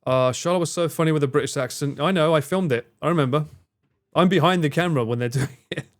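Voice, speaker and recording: A man's voice: fairly high pitch, fast talker. A man chatting casually on a live stream, rambling and swearing now and then as he reads out and answers viewers' messages. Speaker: livestreamer reading and answering chat.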